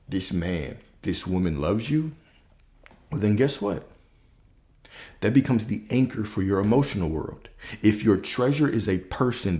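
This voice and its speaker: A man with a low-set voice gives a motivational coaching talk straight to his viewers. His tone is warm and relaxed, yet he drives each point home by repeating lines and posing rhetorical questions.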